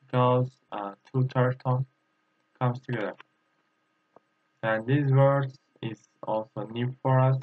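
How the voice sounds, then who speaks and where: Slow halting guy teaching a language class, says every word over and over, tinny phone-like sound. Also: mid-range voice, steady tone. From Turkey. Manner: slow and halting, many pauses and fillers, repeats each word several times. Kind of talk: slow whiteboard language lesson.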